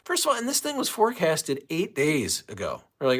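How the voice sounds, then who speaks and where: A man's voice: fairly high pitch, wildly swooping pitch, fairly quick, few pauses. A man from St. Louis hosting a casual livestream, ranting with lots of swearing and reading chat comments. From St. Louis, USA. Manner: ranting, profane, reads chat aloud. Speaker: livestream host.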